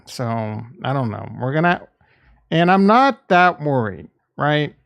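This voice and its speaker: A man's voice: medium pitch, sing-song, slow, vocal fry, clean tone, lo-fi sound. A man hosting a crypto investing channel, talking in a candid, rambling way that is casual and peppered with swearing.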